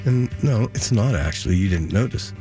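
A man makes a playful salesman's pitch for his car dealerships, his voice rising and falling freely. It is a radio ad read over faint music. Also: animated, moderate pace, dark tone. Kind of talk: radio ad banter.

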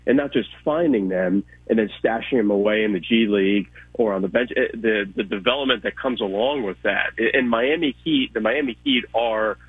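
Male sports analyst on the line, husky and tinny, emphatic with repeated restarts. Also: on the low side, moderate pace, hardly any pauses, no echo. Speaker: weekly sports segment guest. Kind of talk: casual sports talk.

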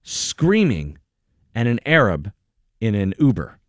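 Male morning radio host, lively up-and-down delivery, wry banter, close dry studio mic. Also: lowish voice, slow pace, no room sound. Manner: animated, wry, breaks into mocking impressions. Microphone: studio microphone.

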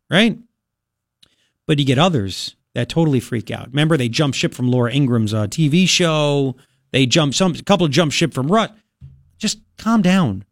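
A man's voice: fairly high pitch, no echo. A man hosting a talk radio show, ranting bluntly and with exasperation in studio commentary.

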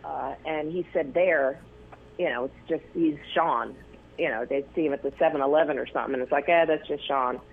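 A man telling stories as an interview guest, rambling with many fillers and restarts, his voice gravelly and husky. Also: on the high side, a little fast. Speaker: news photographer, interview guest. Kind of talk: casual interview storytelling. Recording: tinny phone line.

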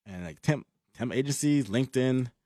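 A man's voice: medium pitch, normal speed, mellow, no echo. A young man in casual chat, telling a story with lots of fillers and laughs.

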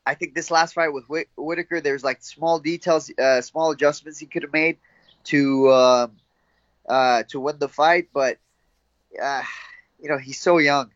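A man's voice: on the high side, unhurried, no room sound. Young fighter guy chatting, laughs a lot, muffled dry audio. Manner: laughs often, animated storytelling with quoted voices. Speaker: fighter being interviewed. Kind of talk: casual interview chat.

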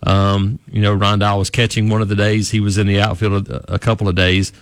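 Low-voiced man breaking down college baseball. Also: level tone, fairly quick, clear, resonant tone, dry recording. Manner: rambling, many restarts and fillers. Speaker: sports reporter guest. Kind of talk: casual sports radio analysis.

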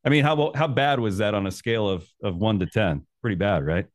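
A man's voice: on the low side, brisk. A man hosting a podcast, asking questions in an upbeat, chatty way. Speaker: podcast host. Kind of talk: casual podcast interview.

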